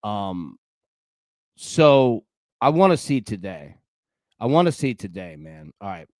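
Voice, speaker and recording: A young host runs a live sports-betting show, his pitch rising and falling as he chats animatedly, dropping "dude" and "man" throughout. He takes his time, and the audio is close and dry with no sense of the room.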